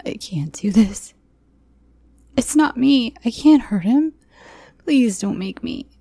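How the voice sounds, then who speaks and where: A woman's voice: on the high side, sing-song, slow, dark tone, slightly rough, dry recording, voice pushed up, full character voice. A woman voicing a terrified young woman who pleads through her crying. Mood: pleading.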